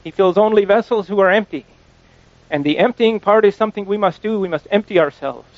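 A man with a fairly high voice preaches an informal sermon, stumbling through restarts and repeated words as he thinks aloud. He slows down to lean on scripture when he quotes it. The recording is dry and a bit dull, with no room sound. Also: dry recording. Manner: stresses quoted scripture slowly.

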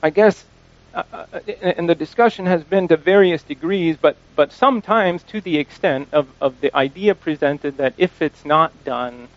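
A man with a fairly high voice preaches an informal sermon, stumbling through restarts and repeated words as he thinks aloud. He slows down to lean on scripture when he quotes it. The recording is dry and a bit dull, with no room sound. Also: no echo. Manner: stresses quoted scripture slowly.

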